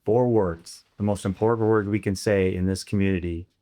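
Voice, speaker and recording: A man's voice: fairly low pitch, steady tone, normal speed, mellow. A middle-aged man telling his story of loss and recovery in a candid, reflective way, with fillers and restarts. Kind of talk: personal storytelling talk.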